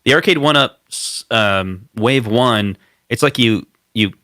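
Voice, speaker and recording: A man co-hosting a podcast, chatting casually with a halting, enthusiastic manner. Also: mid-range voice, sharp tone, no room sound, clean studio sound. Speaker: podcast co-host. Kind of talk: casual chat.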